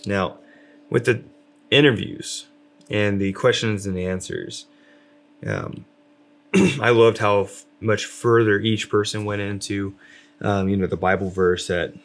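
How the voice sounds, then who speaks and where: A man's voice: fairly low pitch, slow pace, long pauses. A man talking casually about faith with his wife, rambling with lots of fillers and restarts. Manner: rambling, many fillers, self-described loud.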